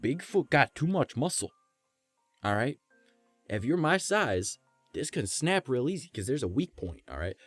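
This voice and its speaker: Streaming live, a man tells a story loosely and animatedly, swearing freely and drawing the listener along with repeated "right?" asides. His voice is mid-range and his pace normal, with faint music in the background.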